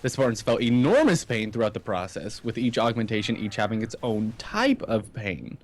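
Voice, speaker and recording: A man's voice: lowish voice, big pitch swings, normal speed. A man co-hosting a casual late-night stream from a computer chair at home, reading game lore aloud with chatty asides and small stumbles. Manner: reads long passages with chatty asides and stumbles.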